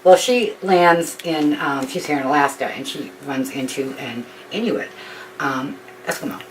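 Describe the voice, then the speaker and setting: A woman's voice: low voice, a little slow. A woman retelling a story informally, rambling with frequent ums and restarts. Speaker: author telling her story. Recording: distant mic with faint background noise.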